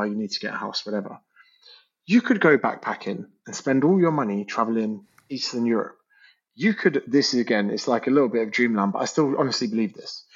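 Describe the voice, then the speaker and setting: A man's voice: mid-range voice, slightly rough. A man chatting casually as a guest, candid and swearing freely. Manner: candid, swears freely, acts out quoted people. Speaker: podcast guest. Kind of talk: casual conversation. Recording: dull lo-fi audio.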